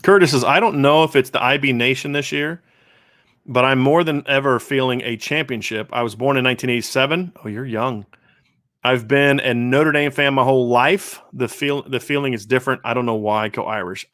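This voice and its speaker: A man hosts a live stream, reading viewer comments aloud and responding in casual, earnest chat, often restarting his sentences. His mid-range voice is fairly quick and a bit bright. The recording is clean studio sound with no room echo.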